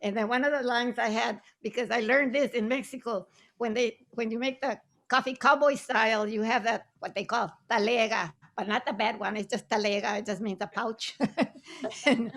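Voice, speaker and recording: An older playwright and actress from Southern Arizona reminisces casually on a video call, chatty and quick to laugh, mixing Spanish phrases into her English. Her voice is a little high, steady and fairly bright.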